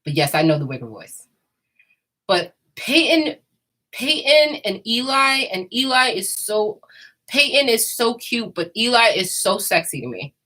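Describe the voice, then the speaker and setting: A woman's voice: fairly high pitch, big pitch swings, measured pace, pushed and bright, poor audio. A woman chatting casually and candidly, rambling and laughing often. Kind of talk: casual chat.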